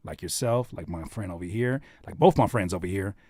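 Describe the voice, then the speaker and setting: A man's voice: low-pitched, brisk, dark tone, no echo, clean studio sound. A man hosting a live stream, reacting to listeners' songs in casual, thoughtful talk with many fillers and restarts.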